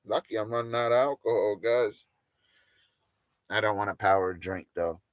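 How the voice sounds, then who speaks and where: Brief: rambling livestream host, crude jokes, loose banter, dry close sound. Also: male voice, fairly low pitch, moderate pace, dry recording. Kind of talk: casual livestream rant.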